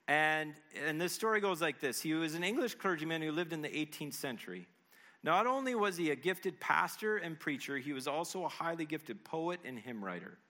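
A man's voice: on the high side, sharp tone. A man preaching a sermon to his church, earnest and conversational, often checking in with his listeners. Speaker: pastor. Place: church service.

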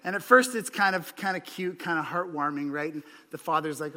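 A man's voice: a little high, lively intonation, fairly quick, hardly any pauses, pushed and bright. A man preaching an evening sermon in a church hall, talking in a casual, conversational way with frequent restarts and "right?" asides. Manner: conversational, with repeated restarts and tag questions. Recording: long hall reverb.

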